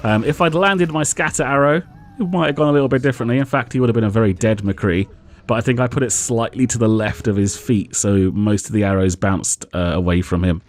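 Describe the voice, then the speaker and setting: A man's voice: lowish voice, steady tone, a little fast. A man hosting a casual gameplay commentary, talking in an analytical, self-mocking way at a desk microphone. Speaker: host.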